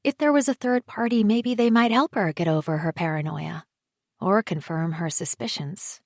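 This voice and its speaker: A woman narrating an audiobook in a quiet, measured voice that drops low on the speech tags. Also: no echo, studio quality. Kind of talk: scripted narration.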